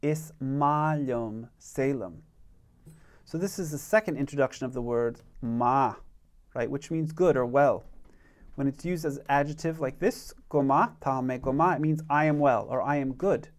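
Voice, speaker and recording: Teaching beginners online, a man with a medium-pitched voice models phrases for his learners to repeat, speaking slowly and with patience.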